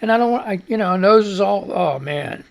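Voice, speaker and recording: A man hosts a casual live radio talk show, rambling in a laid-back way and swearing freely while congested, wheezing and coughing. His voice is high-pitched with lively intonation, a moderate pace and vocal fry.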